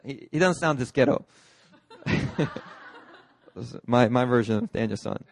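A pastor with a mid-range, creaky voice preaches at normal speed in a dry-sounding church hall, with a little hiss or hum. He tells a story with great energy, acting out movie characters in put-on voices.

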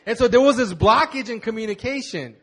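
A young man with a notably high voice preaches as a pastor. His sermon is conversational and candid, with halting stories from his own life. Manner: candid, halting personal storytelling.

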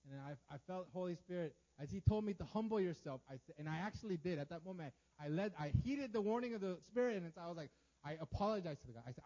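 Man preaching, high voice, animated storyteller, repeats and stammers, muffled lo-fi sound. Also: fast. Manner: animated, swings between loud outbursts and hushed quiet lines; stammers and repeats words often. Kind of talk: storytelling sermon to a congregation.

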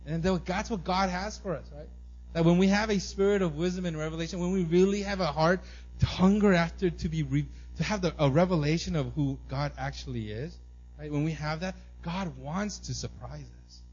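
A man in his thirties, a pastor, preaches in a somewhat high, breathy voice at a slightly quick pace. His sermon is conversational and animated, built on family stories, frequent "right?" asides, and acted-out squeals from his excited son. The audio sounds dull.

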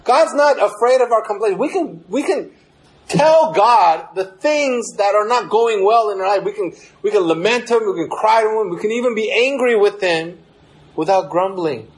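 A man's voice: high voice, animated, normal speed, poor audio. A young man preaching a sermon in a casual, conversational way, acting out prayers with a raised voice. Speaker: pastor.

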